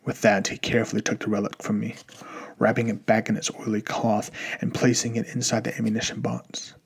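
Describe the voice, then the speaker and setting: Gravelly man reading an audiobook. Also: on the low side, little pitch movement, a little fast. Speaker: audiobook narrator. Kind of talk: audiobook narration.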